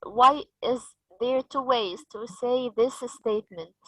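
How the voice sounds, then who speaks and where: A woman's voice: fairly high pitch, measured pace, a bit bright, low-quality recording. A woman running a teacher-training session, patiently explaining and asking the group questions. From Egypt.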